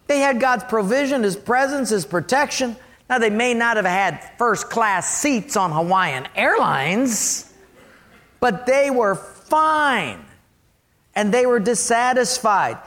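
Animated high-voiced male preacher. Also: a little slow. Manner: animated, emphatic, questioning the congregation. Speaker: pastor. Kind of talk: sermon.

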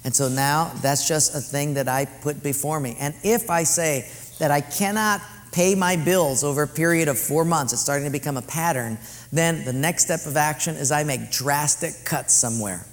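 A man's voice: a little high, normal speed. Earnest man preaching in an echoey hall. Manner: earnest, storytelling, emphatic repetition. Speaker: pastor. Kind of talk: sermon.

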